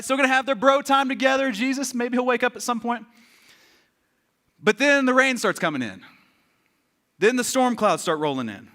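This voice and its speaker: A young man preaching a sermon as pastor, telling the story with lively acted-out voices. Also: very high voice. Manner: animated storytelling, acting out voices.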